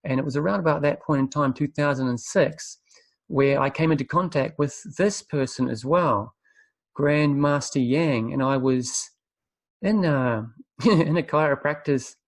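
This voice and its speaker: A man presenting a spiritual webinar, telling his story earnestly and reflectively, often pausing to find his words. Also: on the high side, no room sound. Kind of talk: spiritual talk, personal testimony.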